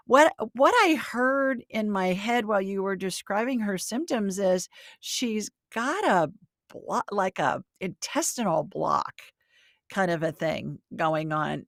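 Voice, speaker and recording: A woman hosting a live call-in show, chatty and quick to laugh, her pitch jumping up when excited. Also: no echo, studio quality. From Alabama, US South. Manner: chatty, laughs easily, lively swings in pitch. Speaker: host and intuitive reader.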